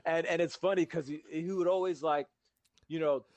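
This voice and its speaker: A man's voice: fairly high pitch, steady tone, normal speed, darkish tone, no echo. A man co-hosting a podcast in casual chat, rambling and often repeating words as he starts his sentences. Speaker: podcast co-host.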